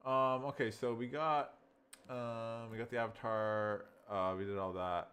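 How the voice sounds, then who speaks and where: A man casually reviewing software while thinking aloud, rambling as he goes. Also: mid-range voice, fairly even intonation, a little slow, clean tone. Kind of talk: casual screen-recording review.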